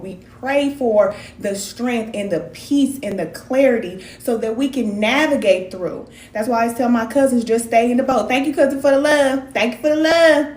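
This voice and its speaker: Animated woman hosting a spiritual live. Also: a little high, reverberant. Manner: animated, folksy, addresses viewers as cousins. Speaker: spiritual wellness practitioner and live host. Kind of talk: casual live-stream spiritual talk.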